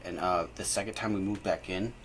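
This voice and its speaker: Young male podcast co-host, low voice, rambling casual storyteller, faint hiss behind. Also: steady tone, fairly quick, rough recording. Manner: rambling, lots of fillers, quotes people in a put-on high voice.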